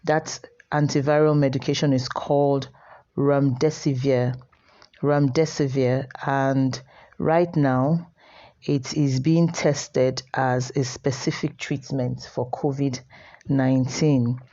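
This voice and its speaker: A woman teaching an online class from home, measured and repeating key words for her students. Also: very deep voice, steady tone, dark tone, lo-fi sound. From Nigeria.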